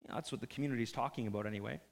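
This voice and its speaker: A man preaching a sermon in an animated, conversational storytelling style with jokes. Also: mid-range voice, rapid-fire, creaky, big-room sound. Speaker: pastor.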